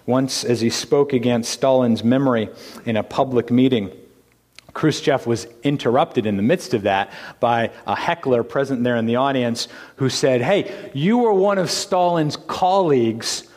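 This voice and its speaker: A man preaching a sermon as pastor to his congregation. He asks rhetorical questions and swings between hushed, whispered lines and loud, emphatic ones. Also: mid-range voice, fairly even intonation, moderate pace. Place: church sanctuary. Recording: long hall reverb.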